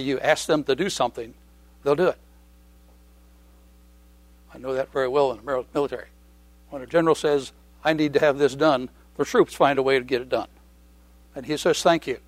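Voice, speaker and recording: A middle-aged male preacher with a slightly high voice gives a sermon in an easy, conversational way. He repeats key phrases for weight and clears his throat often. The recording is dry and close. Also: dry recording.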